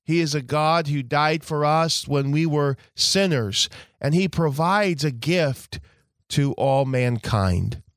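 Slow, emphatic male pastor. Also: a little high, no echo, clean studio sound. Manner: slow, emphatic preaching with drawn-out key phrases. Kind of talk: sermon.

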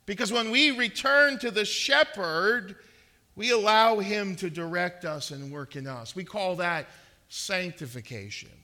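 A man's voice: high voice, a little slow, sharp tone. A man preaching a sermon, earnest and emphatic, rising in intensity and repeating words as he presses each point. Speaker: pastor.

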